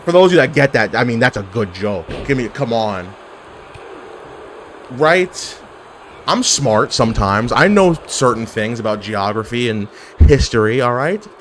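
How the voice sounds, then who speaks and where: Animated man reacting to an online game. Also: medium pitch, unhurried, a little hiss or hum. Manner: animated, yelling at the game, joking. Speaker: gaming YouTuber. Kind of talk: casual gameplay commentary.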